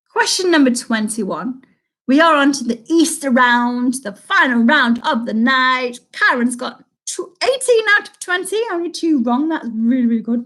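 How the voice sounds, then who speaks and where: A woman from the United Kingdom hosting a live online pub quiz, reading each question twice and chatting about players' scores. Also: fairly high pitch. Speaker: quiz host.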